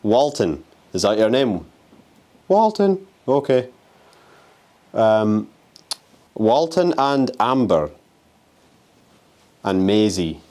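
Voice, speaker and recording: Low-voiced man taunting ghosts on a vlog. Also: expressive, slow pace, pauses often, mellow. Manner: restless, swearing, taunts the spirits. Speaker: urban explorer and ghost hunter. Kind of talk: handheld exploring vlog. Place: abandoned house on a windy day.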